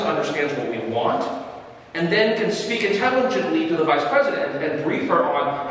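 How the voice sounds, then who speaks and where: Guy giving a fired-up community talk, fairly high voice, echoey hall, mic kinda far off. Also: fairly bright tone. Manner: emphatic, persuasive, acts out dialogue with officials. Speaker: community organizer speaking to an audience. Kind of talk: public talk.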